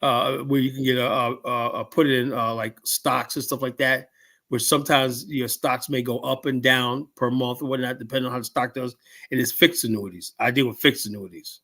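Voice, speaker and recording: Man, podcast host, bright voice, loose profane chat, lots of fillers. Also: medium pitch, steady tone, a little fast. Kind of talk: casual chat.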